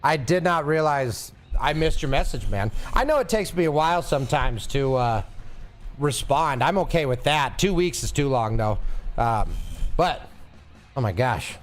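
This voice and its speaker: A young man streaming from home, chatting casually with his viewers in an animated, teasing way and laughing often. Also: mid-range voice, normal speed, faint music behind. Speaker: streamer reading chat. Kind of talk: casual live-stream chat.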